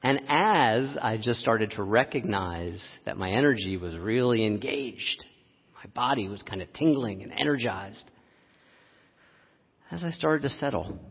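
A man preaching a sermon, telling a personal story with frequent laughs and an animated delivery. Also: on the low side, a little slow, long pauses, breathy edge. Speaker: pastor. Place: church sanctuary. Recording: dull lo-fi audio, long hall reverb.

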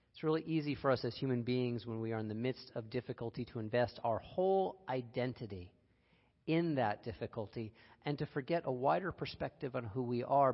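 A man gives an earnest, personal sermon in a conversational tone, with the odd wry aside. His voice sits at an ordinary middle pitch. The recording is a little dull and carries the long reverb of a large hall. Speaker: speaker giving a reflective talk.

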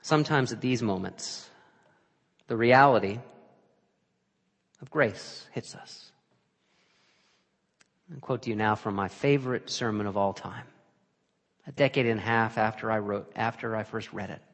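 A man's voice: lowish voice, a little fast, creaky. Dramatic male preacher in a reverberant hall. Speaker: pastor. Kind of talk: sermon.

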